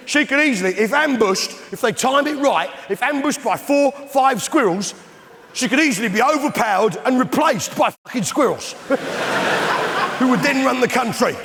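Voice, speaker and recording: A man's voice: very high voice, expressive, moderate pace, fairly bright tone, big-room sound. A middle-aged English man doing stand-up in a blustering, bellowing, indignant manner, working a live audience. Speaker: stand-up comedian in pub landlord character. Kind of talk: stand-up comedy. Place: large theatre with live audience. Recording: live theatre recording with crowd laughter. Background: audience laughter.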